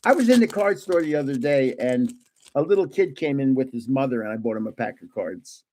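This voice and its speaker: A man's voice: mid-range voice, expressive, fairly quick, warm tone. An older man hosting a casual live stream, chatting and joking as he guesses card names aloud. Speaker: livestream host opening trading cards.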